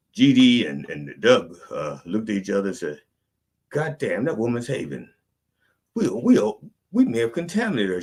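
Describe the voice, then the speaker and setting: A man's voice: deep voice, breathy edge. A middle-aged man, a comic preacher, telling a rambling story full of curses and rants. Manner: cursing, ranting, rambling storytelling. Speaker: comedic preacher. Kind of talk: profane comic sermon-rant.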